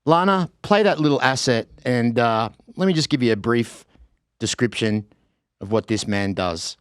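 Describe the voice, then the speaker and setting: Hyped Australian podcast host, dry sound. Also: male voice, mid-range voice, normal speed, clear, resonant tone, no echo. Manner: energetic, hyped, laughs often. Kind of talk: casual interview.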